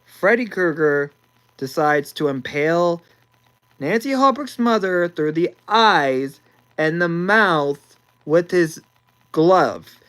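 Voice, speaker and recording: A woman's voice: mid-range voice, rough recording. A young woman ranting about a movie, exasperated, sighing and repeating words as she talks.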